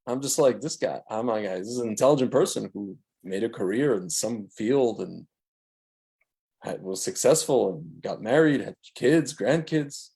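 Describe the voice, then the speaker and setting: A middle-aged man talking casually on a podcast, telling stories in a rambling, animated way with many restarts. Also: lowish voice, moderate pace, creaky. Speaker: podcast co-host. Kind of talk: casual chat.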